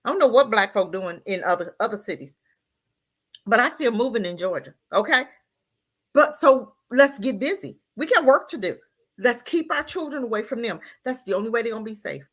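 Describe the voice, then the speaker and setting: A woman co-hosting a talk radio show delivers heated opinion talk in a fairly high, expressive voice at a brisk pace. She speaks with impassioned emphasis and fires off rhetorical questions.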